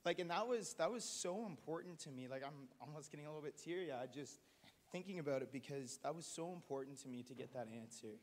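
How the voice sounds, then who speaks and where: A man's voice: fairly high pitch, animated. Earnest man sharing a testimony. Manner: halting, earnest, many restarts. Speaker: church member sharing testimony. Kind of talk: testimony at a church meeting. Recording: long hall reverb.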